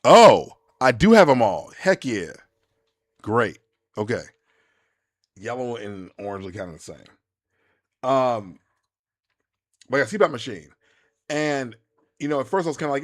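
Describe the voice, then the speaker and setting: A man, chatting casually to viewers while streaming a game, rambling and animated with many restarts. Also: mid-range voice, unhurried, pauses often. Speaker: gaming streamer. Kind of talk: casual live-stream chat while playing.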